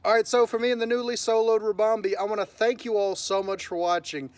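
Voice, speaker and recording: A man's voice: sits high, little pitch movement, fast talker, no echo. A man hosting his gaming channel, giving upbeat live commentary and narrating each move as it happens. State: voice cracking from early morning.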